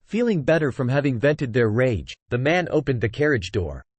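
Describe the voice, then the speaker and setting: Male text-to-speech narrator, lively pitch, dry close sound, reads out punctuation. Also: moderate pace, no echo. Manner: reads punctuation marks aloud.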